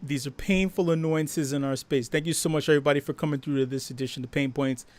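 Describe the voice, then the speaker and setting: A man hosting a live stream, talking casually with lots of swearing and laughter, and acting out quoted voices louder and higher. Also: fast talker. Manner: profane, laughing, animated storytelling. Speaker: host.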